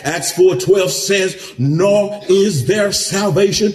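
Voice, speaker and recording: A male pastor preaching a sermon, building from steady teaching to shouted emphasis. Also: slow, faint music behind. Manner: preaching with big pitch swings, rising to shouts.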